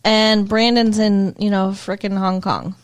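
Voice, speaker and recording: A woman's voice: medium pitch, flat delivery, a little slow, clear, resonant tone. A woman co-hosting a podcast, recapping a TV episode in casual chat, chatty and giggly, saying "like" a lot. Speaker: podcast co-host.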